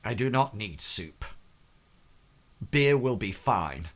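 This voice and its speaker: A man voicing a proud gentlemanly companion who speaks in a stiff, formal, dignified way. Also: lowish voice, animated, slow.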